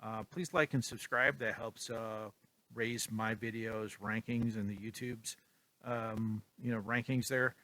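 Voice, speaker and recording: A man casually talking through his photos in a vlog, relaxed and rambling with lots of ums. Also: lowish voice, unhurried. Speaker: photography vlogger. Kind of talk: casual tutorial talk.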